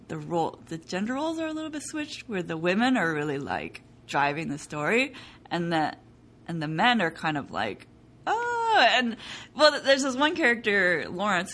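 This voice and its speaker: A young adult woman playwright talking casually in an interview, animated and laughing often as she acts out what people said. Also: fairly low pitch, a little hiss or hum. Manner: animated, laughing, quotes people in bright voices. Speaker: playwright guest.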